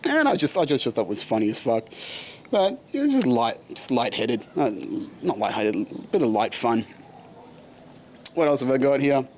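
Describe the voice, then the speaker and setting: This mid-range, sing-song voice belongs to a young Australian man hosting a podcast, speaking at a normal speed with a faint hiss or hum behind him. He laughs frequently, curses heavily and mocks himself while telling his story.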